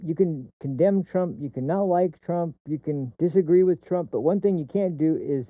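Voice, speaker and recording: Male streamer host, fiery profane political rant, slightly high voice, dry tinny phone-like sound. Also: normal speed, dry recording. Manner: heated, profane ranting; repeats and restarts words mid-sentence. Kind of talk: political commentary livestream.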